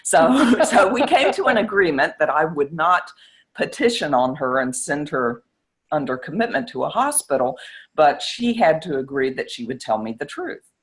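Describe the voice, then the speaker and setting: A woman's voice: low voice, sing-song, normal speed. A middle-aged woman, a psychiatrist, telling a story in an interview and acting out the quoted exchanges with animation.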